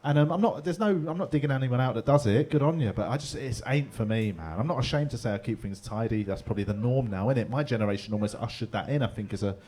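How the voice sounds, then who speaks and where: A man's voice: medium pitch, quick pace, hardly any pauses, a little mellow. A middle-aged man with a London accent doing a chatty, laddish stand-up set, swearing freely and laughing along with his own story. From England. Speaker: stand-up comedian. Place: pub comedy room with live audience.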